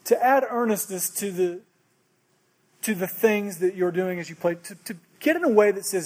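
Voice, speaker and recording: High-voiced preacher. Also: male voice, lively intonation, normal speed. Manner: earnest, repeats and restarts phrases. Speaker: pastor. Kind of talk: sermon.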